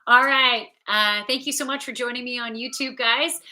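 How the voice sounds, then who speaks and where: Chatty canadian yoga lady on a home livestream, bright kinda high voice. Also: steady tone, normal speed. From Ontario, Canada. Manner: upbeat and chatty, greets viewers by name. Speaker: yoga teacher and intuitive reader. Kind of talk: casual livestream chat.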